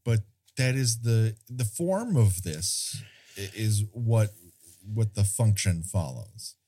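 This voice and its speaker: A man with a lowish voice talks through a movie in a slow, unhurried way. He rambles and corrects himself, pokes fun at himself and laughs easily, like a podcast co-host chatting with a friend. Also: expressive, warm tone, slightly rough. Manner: rambling, self-deprecating, laughs often. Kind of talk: casual film discussion.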